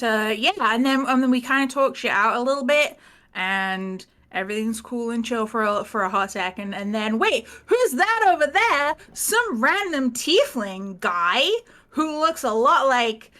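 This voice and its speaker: A woman's voice: a little high, pushed and bright. A woman casually recapping the last session of a tabletop game, rambling, laughing and swearing as she quotes the characters.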